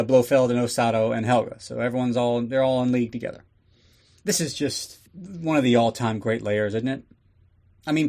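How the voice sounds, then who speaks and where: A man's voice: medium pitch, a little mellow. A man hosting a podcast, giving a casual, sarcastic and profane recap of a movie. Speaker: podcast host.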